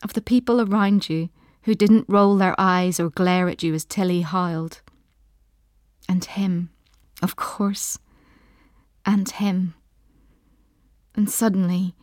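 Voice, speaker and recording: A woman reading a story in the second person, soft and intimate, sometimes dropping into a whisper. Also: fairly low pitch, steady tone, moderate pace, no room sound, clean studio sound. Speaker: narrator.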